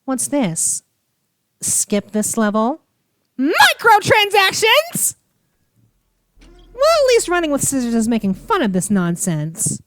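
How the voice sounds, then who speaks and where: A woman's voice: a little high, very animated, a little slow, darkish tone, no echo. A young woman playing through a game with playful, theatrical, teasing commentary. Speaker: gaming streamer. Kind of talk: let's play commentary.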